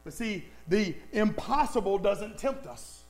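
A man's voice: high-pitched, expressive, a little slow, a little mellow, rough recording. A man preaching a sermon, emphatic, repeating lines for stress and speaking straight to the congregation. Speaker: pastor.

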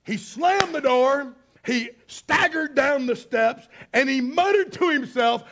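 A man preaching a sermon, telling stories dramatically and swinging between loud and hushed delivery. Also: very high-pitched, lively intonation, takes it slowly, gravelly, hardly any pauses. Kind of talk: sermon storytelling.

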